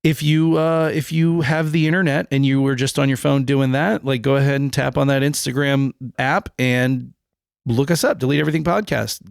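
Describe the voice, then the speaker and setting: A man with a gravelly, rough-edged voice wraps up a casual podcast in a loose, rambling, joking way. The sound is dry and close to the mic. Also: medium pitch, steady tone, moderate pace, no echo. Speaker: podcast co-host.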